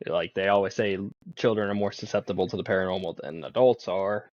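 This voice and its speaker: Podcast guest, a man with a lowish voice; loose, chatty storyteller, slightly muffled dry sound. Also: steady tone, brisk, darkish tone, no echo. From Pennsylvania. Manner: rambling, laughs often, swears casually. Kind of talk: casual storytelling.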